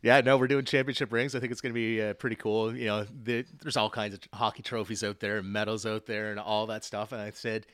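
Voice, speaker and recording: A man's voice: lowish voice, level tone, brisk, hardly any pauses, a bit bright, no echo, studio quality. A man hosting a podcast, enthusiastic and chatty, with many fillers. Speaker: podcast host. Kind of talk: casual chat.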